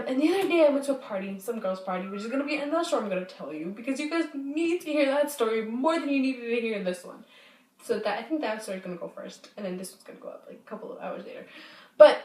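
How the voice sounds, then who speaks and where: A woman's voice: a little high, a little mellow. A woman vlogger telling a story in a casual, rambling way, repeating herself and swearing freely, at home in her apartment. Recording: echoey room, mic set far off.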